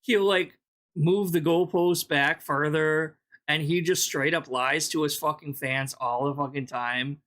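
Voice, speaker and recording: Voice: medium pitch, fairly even intonation, measured pace, fairly bright tone. A reaction-channel host giving casual, exasperated, sarcastic commentary with heavy swearing.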